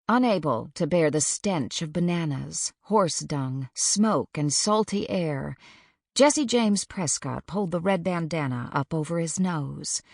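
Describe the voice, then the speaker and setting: Low, gravelly woman narrating an audiobook. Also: dry recording, clean studio sound. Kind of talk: scripted narration.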